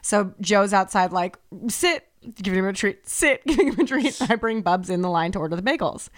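A young woman co-hosting a podcast, telling a story in casual chat, animated and swearing freely. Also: mid-range voice, fast. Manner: animated, swears freely, acts out voices in anecdotes. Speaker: podcast co-host.

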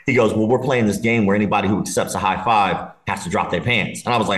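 A man's voice: on the low side, fast talker, few pauses. A man casually telling a long, profane party story, laughing as he goes. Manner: animated, swearing, laughing while telling a story. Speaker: podcast guest. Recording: roomy echo.

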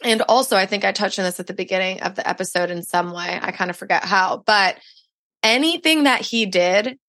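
A woman's voice: medium pitch, brisk, a bit bright, no room sound, clean studio sound. A young adult woman, a podcast guest, telling a personal story in casual chat and saying "like" often. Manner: chatty storytelling, heavy use of "like".

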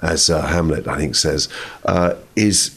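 A British man, an actor being interviewed, speaking in a measured, thoughtful way. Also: extremely low pitch, a bit bright, breathy edge. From Britain. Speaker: guest actor. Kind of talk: interview conversation.

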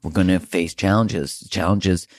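A man's voice: sits low, fairly even intonation, measured pace, no echo, studio quality. A man hosting a podcast, talking earnestly and emphatically in a reflective monologue, with the odd casual swear. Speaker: podcast host.

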